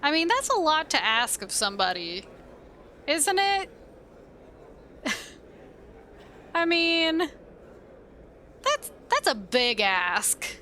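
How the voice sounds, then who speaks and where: A woman's voice: high voice, sing-song, slow pace, pauses often, sharp tone, slight background noise. A young woman streaming a game live, reading dialogue and chatting to her viewers with giggly asides.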